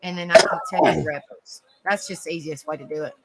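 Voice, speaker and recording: A woman's voice: deep voice, fairly quick, very noisy. A woman hosting a casual livestream panel, folksy and exclamatory, chatting with viewers while she types.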